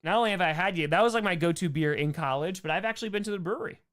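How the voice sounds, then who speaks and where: A man's voice: high-pitched, rapid-fire, a bit bright. A man hosting a casual livestream Q&A, rambling and joking as he reads out and answers chat. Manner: rambling, jokey, answers chat names aloud. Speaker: streamer host answering chat.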